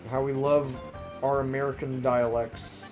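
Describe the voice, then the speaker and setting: A man's voice: medium pitch, flat delivery, unhurried, darkish tone, faint music behind. A young man with a mixed Maryland, Southern and New York-New Jersey accent, casually chatting on a livestream and reading viewer comments. He rambles with lots of restarts and fillers, his voice a little strained. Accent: mix of Maryland, Southern and New York-New Jersey. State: voice starting to strain. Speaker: livestream host.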